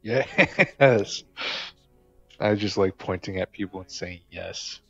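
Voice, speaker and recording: A low, gravelly man riffs through his gameplay in a loose, joking way, swearing and mocking the people on screen. His voice comes through a dull, lo-fi mic. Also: slow pace, pauses often, faint music behind. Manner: joking, swearing, talks to game characters. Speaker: gamer. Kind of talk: casual gameplay commentary.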